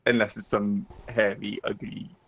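A man's voice: lowish voice, little pitch movement, measured pace, gravelly, poor audio. A British man co-hosting a podcast in casual chat, joking and rambling. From Britain. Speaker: podcast co-host.

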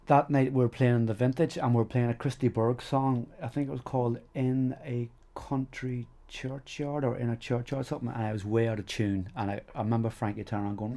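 A man's voice: medium pitch, fairly even intonation, a little fast, few pauses, warm tone. A middle-aged man with a Northern Irish accent, telling stories in a casual interview, rambling and full of "you know" fillers. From Northern Ireland. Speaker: guest.

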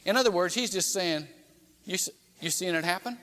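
A man's voice: sits high, moderate pace, fairly bright tone, in a large hall. A man preaching a sermon as pastor, telling stories and acting out the quoted dialogue. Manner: storytelling preacher who acts out quoted dialogue. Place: church sanctuary.

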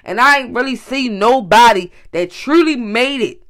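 A man's voice: extremely high pitch, lively intonation, normal speed, a bit bright. A man from Baltimore with a Baltimore accent, ranting in a casual, profane, emphatic monologue to camera. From Baltimore, USA. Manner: profane, emphatic, keeps saying "you feel me". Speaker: vlogger.

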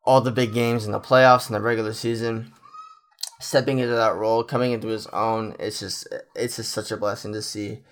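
A man's voice: lowish voice, flat delivery, a little fast. A young man talking casually as a fan commentator in an effusive, emotional, rambling monologue.

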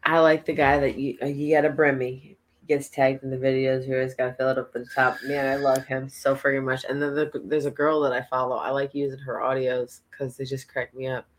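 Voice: mid-range voice, flat delivery, a little fast, few pauses. A podcast co-host in casual chat, laid-back and chatty, often laughing.

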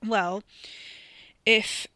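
A man's voice: sits high, fairly even intonation, extremely slow, sharp tone, no room sound, exaggerated voice. A woman voicing a blunt, laconic young man. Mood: laid-back. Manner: blunt, dry, swearing. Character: muscular British cousin, blunt and laconic.

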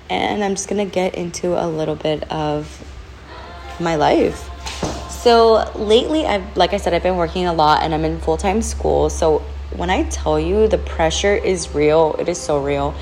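A woman's voice: lowish voice, a little mellow. A young woman hosting a podcast, talking candidly and rambling about her hectic life while in back pain. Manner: candid, rambling, frequent "like" and "literally". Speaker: podcast host. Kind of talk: casual venting monologue. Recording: poor mic with faint background hiss.

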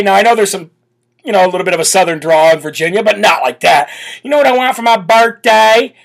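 A man's voice: sits high, fast, gravelly. A man hosting a political talk show, brash and sarcastic in his opinionated solo commentary.

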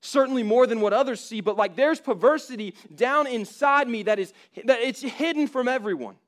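A man's voice: very high-pitched, normal speed, fairly bright tone, pitched above the performer's own voice. A man reading the part of a guilt-laden sinner who protests that he is unworthy, urgent and pleading.

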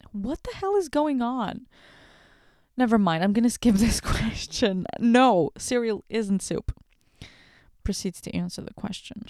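Giggly unhurried woman podcast host. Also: on the high side, expressive, warm tone, no echo, studio quality. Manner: giggly, rambling, self-deprecating. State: wired on late-night coffee. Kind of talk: casual solo podcast chat. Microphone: podcast microphone.

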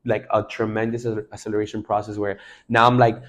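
A man's voice: on the low side, little pitch movement, quick pace. A man, a worship leader guest on a faith podcast, speaking with fervent, preacher-like exclamations.

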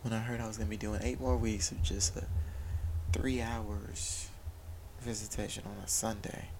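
A man's voice: on the low side, little pitch movement, normal speed, darkish tone, slight background noise, low-quality recording. A man telling a personal story of faith and struggle in an earnest, confessional way, with many restarts. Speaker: father sharing a personal story. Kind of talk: candid personal talk about faith.

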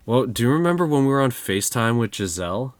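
A man's voice: medium pitch, sing-song, quick pace, no echo. A young man co-hosting a podcast in loose, joking casual chat, rambling with plenty of fillers. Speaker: podcast co-host.

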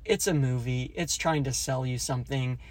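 A man's voice: mid-range voice, normal speed, a little mellow, dry recording. A man hosting a solo movie review podcast, ranting and joking in a mock-secretive way, acting out quoted lines in a raised voice. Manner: jokey, ranting, mock-conspiratorial. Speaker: podcast host.

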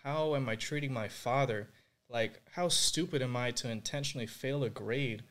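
A man's voice: medium pitch, normal speed, a bit bright. Young adult male guest, earnest, reflective, filler-heavy, mid-range voice. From Puerto Rico. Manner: earnest and reflective, heavy use of "like" and "you know". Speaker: guest sharing his faith testimony. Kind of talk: candid interview conversation.

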